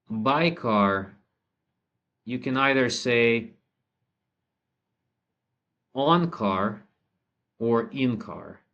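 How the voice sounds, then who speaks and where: Male language tutor, lowish voice, relaxed and unscripted, stops and restarts mid-sentence. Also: dull audio. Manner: thinks aloud with many ums and restarts, slow model sentences. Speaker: language teacher. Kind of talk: relaxed spoken lesson.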